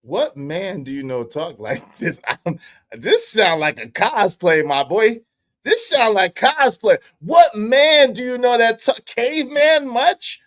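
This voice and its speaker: Incredulous laughing reaction streamer, lively pitch. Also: male voice, takes it slowly. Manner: loud incredulous repeated questions, frequent laughing. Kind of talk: casual reaction commentary.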